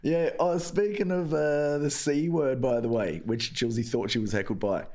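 A man's voice: medium pitch, moderate pace, darkish tone. Giggly man co-hosting a comedy chat. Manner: giggly, bantering. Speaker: podcast co-host. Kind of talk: casual chat.

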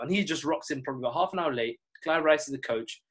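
A man's voice: a little high, fast, slightly rough. A man, a former cricketer and coach, telling stories in a casual interview, reflective and acting out what others said. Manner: relaxed, reflective, acts out quoted dialogue.

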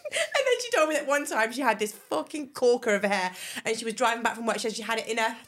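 A woman in her thirties co-hosting a casual chat podcast, giggly and frank, breaking into loud laughter and swearing freely. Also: on the high side, lively intonation, fast talker. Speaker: podcast co-host.

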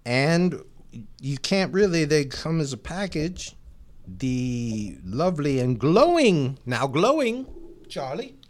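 A man co-hosting a podcast in casual chat, teasing his partner and drawing out name shout-outs. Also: a little high, sing-song, slow. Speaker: podcast co-host.

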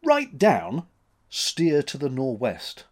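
A man voicing a gruff, skeptical male sea captain in a spoken story, brusque and commanding. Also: medium pitch, huge pitch swings, slow pace, a little mellow, heavily acted.

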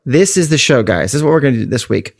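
Gravelly-voiced jokey male podcast host. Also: mid-range voice, lively intonation. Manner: jokey, rambling, quick asides. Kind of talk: casual podcast chat.

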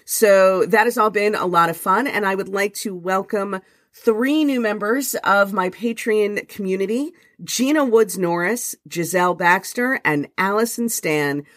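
A woman's voice: medium pitch, unhurried, a bit bright, no room sound, studio quality. A woman podcast host reading her own humorous essay aloud in a wry, mock-dramatic way, then chatting casually in her morning voice. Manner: chatty with restarts when speaking off the page. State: first-thing-in-the-morning voice.

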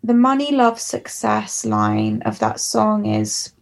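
Gravelly-voiced English woman recalling childhood. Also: mid-range voice, huge pitch swings, slow pace. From England. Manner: reflective, emotional, candid. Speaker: musician guest. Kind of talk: candid storytelling interview.

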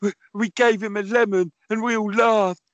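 A man's voice: high-pitched, fairly even intonation, no room sound, muffled recording. Man spinning absurd comedy stories. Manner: playful, quick, absurd storytelling. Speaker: comedy podcast co-host. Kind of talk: improvised comedy chat.

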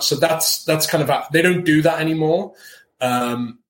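A man's voice: fairly high pitch, moderate pace. A man from the north of England, an actor guest chatting casually and animatedly in an interview, often restarting his sentences. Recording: roomy echo.

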